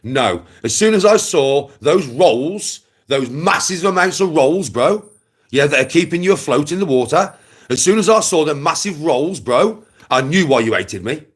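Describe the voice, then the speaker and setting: With a slightly high, expressive voice carrying a breathy edge, a West Midlands vlogger speaks at normal speed. He rants casually to camera in a taunting, mocking way, repeating his jibes and cracking up with laughter.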